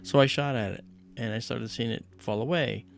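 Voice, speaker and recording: A livestream host casually and animatedly recounts a personal story, acting out the voices of the people in it. His voice is mid-range and creaky, at a moderate pace.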